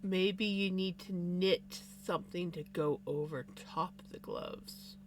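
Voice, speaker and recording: Slow, easygoing streamer. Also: mid-range voice, a little hiss or hum. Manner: relaxed and unhurried, with sighs and yawns. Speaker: live streamer chatting with viewers. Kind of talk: casual livestream chat.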